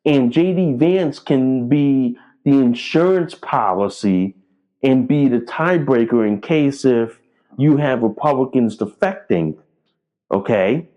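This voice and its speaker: A man's voice: mid-range voice, lively intonation, slow pace, lo-fi sound. A man delivering a political commentary monologue, blunt and profane, repeating himself as he rallies his viewers.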